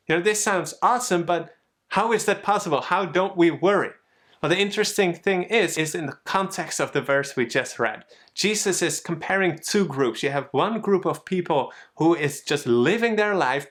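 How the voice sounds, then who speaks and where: A man giving a conversational sermon, retelling a story in a lively, storytelling way. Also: a little high. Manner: storytelling, animated, conversational preaching. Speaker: pastor.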